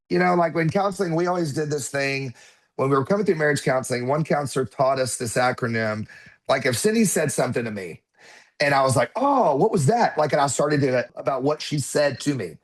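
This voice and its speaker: A man in his thirties, a podcast guest, telling a personal story in conversation and acting out what his children said. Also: mid-range voice. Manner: animated, acts out quotes of his children.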